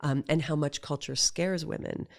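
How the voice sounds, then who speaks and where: A middle-aged woman, a guest in a casual conversation, talking in an animated way and acting out quoted voices as she tells her stories. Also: low-pitched, moderate pace. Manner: animated storyteller who acts out quoted voices.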